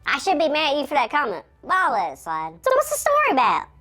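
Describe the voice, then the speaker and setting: A man playing a tiny shrunken host, his voice sped up to a squeaky chipmunk pitch, panicky and goofy in a kids' church skit. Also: wildly swooping pitch, sharp tone, full character voice. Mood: curious. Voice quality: squeaky cartoon-elf voice. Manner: panicky, goofy, quick to exclaim.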